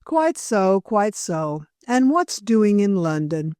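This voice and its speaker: A woman's voice: medium pitch, sing-song, slow, darkish tone, smooth, dry recording. Old male vicar, mild, weary, dignified, dry close voice, read by a woman.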